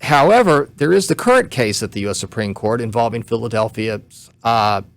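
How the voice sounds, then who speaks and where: A man with a gravelly, creaky voice at an ordinary pitch lays out legal points carefully and step by step. He sounds like a guest on a talk radio show who is short on sleep, and he sometimes backs up and restarts a phrase. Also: expressive, dry recording. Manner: measured, explains step by step, some restarts.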